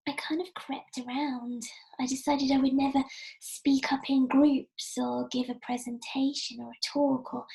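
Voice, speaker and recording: A middle-aged woman giving a personal storytelling talk, soft-spoken, often dropping to a breathy near-whisper, with frequent ums. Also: high voice, low-quality recording. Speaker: speaker giving an inspirational talk.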